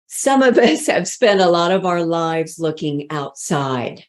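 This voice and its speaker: A woman giving a motivational talk on leadership as a voice coach, speaking slowly and deliberately with drawn-out emphatic words. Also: low-pitched, a little mellow.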